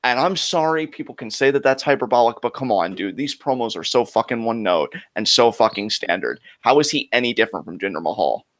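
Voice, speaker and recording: A man's voice: medium pitch, expressive, a little fast, hardly any pauses, a bit bright. A man co-hosting a wrestling talk show, ranting with frustration and heavy swearing. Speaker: wrestling podcast co-host. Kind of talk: heated casual chat.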